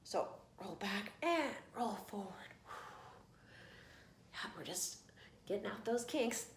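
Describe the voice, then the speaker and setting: A woman singing coach guiding an online vocal warm-up lesson, giving calm, coaxing instructions. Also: mid-range voice, slow pace, reverberant, a little hiss or hum.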